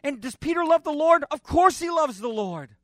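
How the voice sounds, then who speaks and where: A male pastor preaching a sermon with passion, swinging between loud declarations and quiet asides, often restarting phrases. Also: very high voice, expressive, normal speed, dry recording, clean studio sound. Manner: impassioned, with dramatic rises and drops in volume; repeats himself and restarts while preaching.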